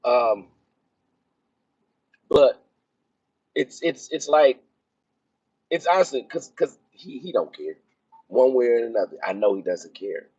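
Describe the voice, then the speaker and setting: Heading onto a military base, this officer chats in a loose, filler-heavy vlog style. He has a mid-range, slightly rough voice with a darkish tone, taking his time and leaving long pauses. It's captured in dull lo-fi audio.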